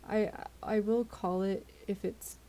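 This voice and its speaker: A woman's voice: mid-range voice, fairly even intonation, slow, dark tone. A tired woman chatting casually with her viewers on a live stream, giggly and often tripping over her words. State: tired, yawning.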